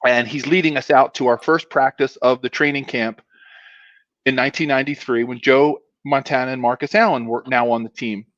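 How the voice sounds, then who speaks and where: A man's voice: mid-range voice, steady tone, brisk, fairly bright tone, no echo, lo-fi sound. A man in his fifties, a former pro football player, telling a long story as a guest in a casual, rambling way with many asides.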